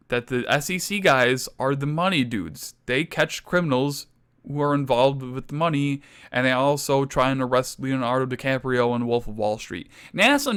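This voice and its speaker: A young man giving a mock-serious comedy lecture, ranting with exaggerated outrage that climbs toward near shouts. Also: mid-range voice, clear, resonant tone.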